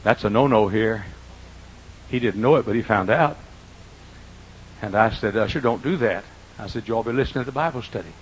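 An older man preaching a folksy sermon in a church, swinging from quiet asides to loud, drawn-out emphasis, with a husky voice. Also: on the low side, slight background noise, rough recording. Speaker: pastor. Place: church auditorium.

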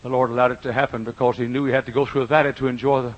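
An older man preaching a folksy sermon in a church, swinging from quiet asides to loud, drawn-out emphasis, with a husky voice. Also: mid-range voice, flat delivery, highs cut off. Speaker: pastor. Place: church auditorium.

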